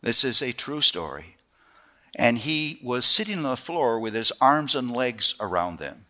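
A middle-aged man preaching a sermon, telling family stories in a lively way and then dropping to a hushed, earnest tone. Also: medium pitch, a little slow. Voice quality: animated storyteller who drops to a hushed, earnest tone.

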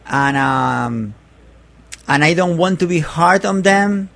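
A man speaking English as a second language, chatting as a guest, halting and repeating words as he searches for phrasing. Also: on the high side, expressive, gravelly, a bit bright. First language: not English. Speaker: guest artist. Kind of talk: casual interview chat.

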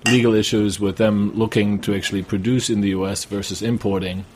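A man appearing as a guest on a radio show, explaining his import business hesitantly, with lots of pauses and restarts. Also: on the low side, flat delivery, background noise. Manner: hesitant, many fillers and restarts while explaining. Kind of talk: casual studio interview. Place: radio studio.

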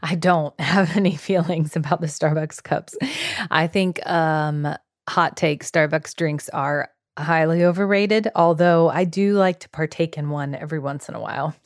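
A woman's voice: deep voice, normal speed, no echo. A woman from Florida hosting a casual roundtable podcast, joking in a dry way. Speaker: podcast host.

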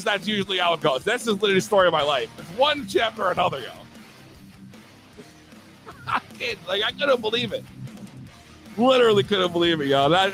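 A young man hosting a show, telling a profane comic rant and breaking into shouts. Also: high voice. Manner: profane, animated, swings to shouting. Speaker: host.

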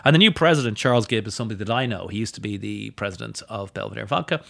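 A man talking as a guest in a casual podcast chat, an animated storyteller whose voice leaps up in pitch when he acts out other people. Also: rapid-fire, vocal fry. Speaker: guest, drinks educator and writer. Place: studio table with bottles and glasses.

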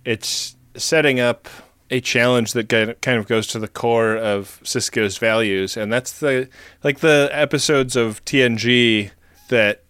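A man's voice: mid-range voice, steady tone, unhurried, fairly bright tone, clear, resonant tone, dry recording. A man co-hosting a podcast in casual chat, chatty and laughing, with fillers as he talks. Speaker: podcast co-host.

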